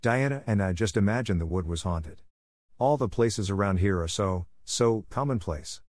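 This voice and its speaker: A man's voice: fairly low pitch, animated, moderate pace, a little mellow, no room sound, studio quality. A man voicing an imaginative, eager orphan girl of about eleven, talking in a breathless, dramatic rush. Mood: thrilled.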